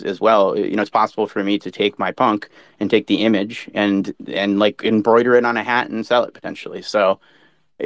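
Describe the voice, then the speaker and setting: A man's voice: lowish voice, no room sound. A man on a casual panel, speaking thoughtfully with fillers like "you know".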